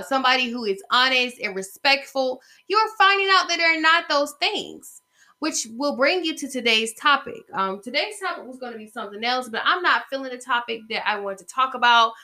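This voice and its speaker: Bright, sassy woman podcast host. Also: a little high. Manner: chatty, sassy, talks straight to listeners. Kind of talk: casual gossip commentary.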